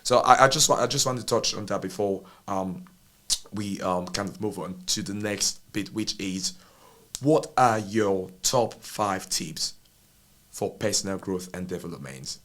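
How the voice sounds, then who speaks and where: Low-voiced, rambling podcast co-host man. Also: unhurried, a bit bright. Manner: rambling, self-deprecating, many restarts. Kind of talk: casual podcast chat.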